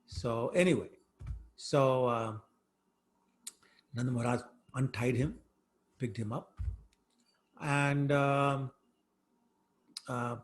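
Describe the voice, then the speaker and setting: A man teaching a scripture class, telling the story in an animated, conversational way with frequent fillers. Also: mid-range voice.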